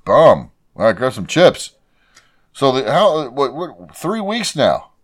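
A man's voice: mid-range voice, big pitch swings, slow pace. A man co-hosting a casual podcast, tossing out sarcastic, profane quips. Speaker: podcast co-host. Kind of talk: casual chat over drinks.

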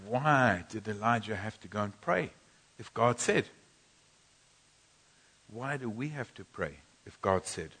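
A man's voice: fairly low pitch, animated, measured pace, long pauses, a bit bright, breathy edge. A man preaching a sermon in a church, emphatic and repetitive, often restarting phrases.

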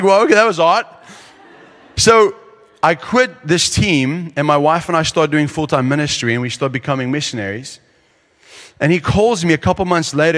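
A man preaching at a conference, telling a story with lively, acted-out quotes. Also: a little high. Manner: animated storyteller acting out quotes. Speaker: pastor. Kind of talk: sermon storytelling. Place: large conference hall. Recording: long hall reverb.

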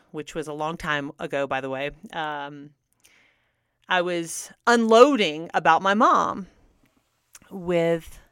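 A middle-aged woman shares a personal story on the radio, candid and earnest. Her voice is smooth and clear, pitched a little low, and it sounds close and dry with no room echo. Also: fairly bright tone. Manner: earnest, candid, laughs often. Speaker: radio host. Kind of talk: personal testimony talk.

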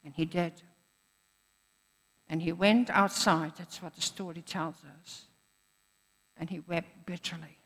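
A woman's voice: on the low side, fairly even intonation, unhurried, long pauses. A woman preacher giving a sermon in an earnest manner, repeating phrases for emphasis. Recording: echoey hall.

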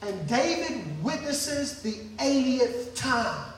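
Animated high-voiced male preacher. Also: takes it slowly, slight background noise. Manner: animated storytelling, acts out scenes. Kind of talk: sermon. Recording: echoey hall from far off.

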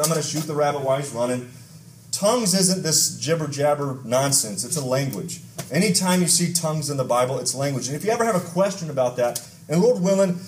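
A pastor from Texas, preaching a conversational sermon with asides, stories and questions to the congregation. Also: male voice, a little high, a little mellow, a little hiss or hum.

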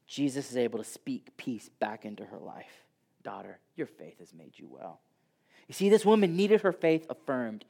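A man preaching a sermon who swings from loud, emphatic passages down to soft near-whispers. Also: on the high side.

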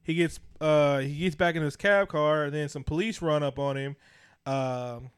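A man's voice: on the high side, moderate pace, smooth. A man, co-hosting a casual podcast and ranting with heavy profanity. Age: 30s. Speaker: podcast co-host. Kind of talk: casual chat.

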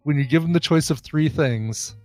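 A man's voice: a little high, moderate pace, dark tone, no echo, soft background music. A man hosting a podcast in casual chat, explaining things with asides and laughing often. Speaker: podcast host.

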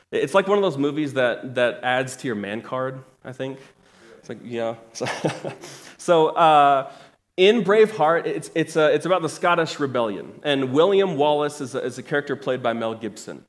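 A man in his thirties preaching a sermon to his church, conversational with joking asides and emphatic rises. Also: medium pitch. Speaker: pastor.

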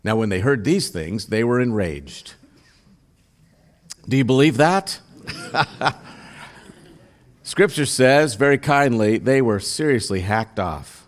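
A man's voice: mid-range voice, expressive, slow, long pauses. A man preaching a sermon as a pastor, reading scripture aloud and then explaining it, sometimes rising in intensity and asking the listeners direct questions.

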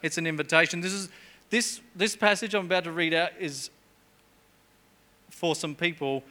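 A man's voice: fairly high pitch, normal speed, bright, forceful tone. A middle-aged man preaching a sermon in a church, chatty and jokey, with humorous asides.

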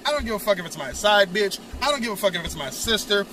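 A man's voice: sits high, expressive, quick pace, sharp tone, slight background noise. A man in casual podcast chat, talking bluntly and repeating his point for emphasis. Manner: blunt, emphatic, repeats the same phrase for effect.

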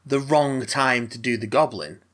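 A man co-hosting a casual podcast, telling rambling, animated stories that often restart. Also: mid-range voice, normal speed. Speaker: podcast co-host. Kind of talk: casual chat.

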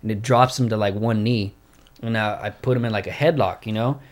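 A man telling a fight story in casual, profane, animated chat. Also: fairly low pitch, brisk.

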